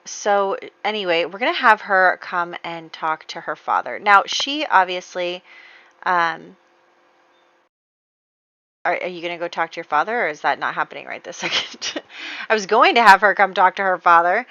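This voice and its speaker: Bright chatty woman narrating a game. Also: fairly low pitch, normal speed, clean tone, dry recording, lo-fi sound. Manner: chatty, filler-heavy, laughs at own story. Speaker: gameplay narrator. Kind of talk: casual storytelling over gameplay.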